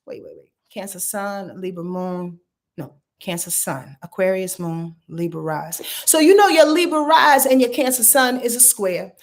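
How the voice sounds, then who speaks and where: A woman reads astrology charts for viewers during a casual home livestream. Her talk is animated and slangy, and she speaks directly to the people watching. Her voice sits at a middle pitch for a woman. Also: normal speed. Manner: animated, slangy, talks straight to viewers, laughs often. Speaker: astrologer doing live readings.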